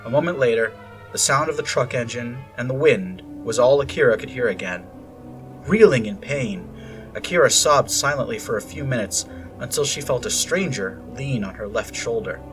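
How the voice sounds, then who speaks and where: A man narrating a story aloud in a steady, measured storytelling voice. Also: mid-range voice, distant mic, soft background music.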